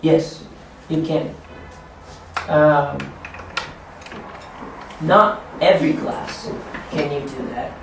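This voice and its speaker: Man, trainer lecturing deliberately, a bit high, distant mic, very echoey room with faint noise. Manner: deliberate, simple phrasing for learners. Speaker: ESL teacher trainer.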